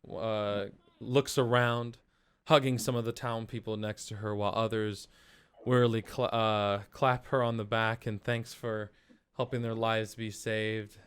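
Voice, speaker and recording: A man running a tabletop game, narrating haltingly with many fillers. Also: medium pitch, fairly bright tone, clean tone. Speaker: game master.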